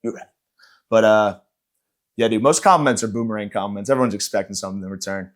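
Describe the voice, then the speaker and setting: A man's voice: fairly low pitch, fast. A man hosting a comedy podcast, delivering a rambling, sarcastic, profane rant. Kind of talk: ranting comedic monologue.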